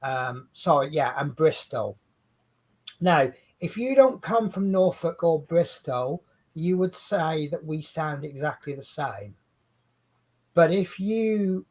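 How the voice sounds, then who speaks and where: An English man co-hosting a casual livestream, talking in a relaxed, unhurried drawl with a slightly raised pitch for a man. He rambles from one thought to the next and keeps breaking off mid-sentence to restart, like someone at ease chatting to viewers from a home webcam setup. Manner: rambling, chatty, self-interrupting. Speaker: co-host.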